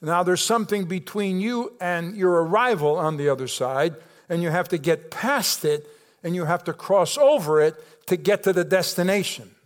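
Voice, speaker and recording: A man preaching a sermon to his church, calling out to the congregation, sometimes dropping soft and slow, then building to emphatic, rising calls. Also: high-pitched. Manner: preaching with call-outs to the congregation. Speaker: pastor.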